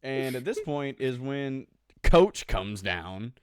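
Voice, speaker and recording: A man co-hosting a casual podcast, recounting events blow by blow with swearing and quick impressions. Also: medium pitch, very animated, clear, resonant tone, no room sound, studio quality. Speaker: podcast co-host. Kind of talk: casual chat.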